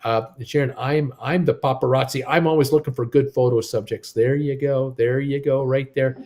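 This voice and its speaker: A man's voice: medium pitch, fairly even intonation, normal speed, a little mellow. A man hosting a casual live stream from home, reading viewer comments in an upbeat, rambling, jokey way. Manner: rambling, upbeat, jokey, talks to his wife off-mic. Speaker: host of a live cruise news stream. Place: home in Creston.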